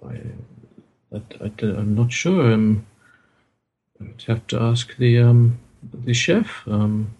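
A man's voice: mid-range voice, animated, mellow, breathy edge, lo-fi sound, full character voice. A man voicing a hesitant male hotel concierge who stumbles through his answers with ums and restarts. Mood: unsure. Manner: halting, full of ums and restarts.

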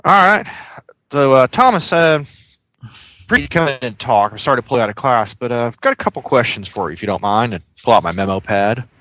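A man's voice: mid-range voice, expressive, fairly quick, a bit bright, dry recording. A man playing a tabletop game as an investigator, talking playfully and correcting himself often. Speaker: player.

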